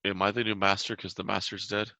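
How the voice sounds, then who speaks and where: A man's voice: on the low side, level tone, fast, bright, forceful tone, clean tone, dry recording. A man voicing a frightened male cultist who pleads for his soul and swears obedience. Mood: uneasy. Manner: pleading, fearful.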